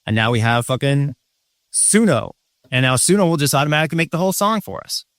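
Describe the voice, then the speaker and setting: A man's voice: a little high, animated, quick pace, a bit bright, dry recording, studio quality. A man host delivering a profane, combative and sarcastic rant to his viewers. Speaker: channel host. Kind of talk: ranting monologue.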